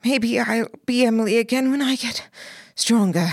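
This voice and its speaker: Woman reader doing a blind young woman, breathless, gasping, high. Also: normal speed, dry recording, studio quality.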